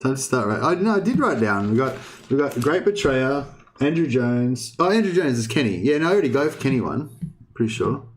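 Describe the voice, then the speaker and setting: A young man hosting a livestream, talking loosely to his chat at a middling pitch. He rambles, restarts his sentences and swears offhandedly, in a relaxed, casual way. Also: brisk, a little hiss or hum. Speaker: streamer.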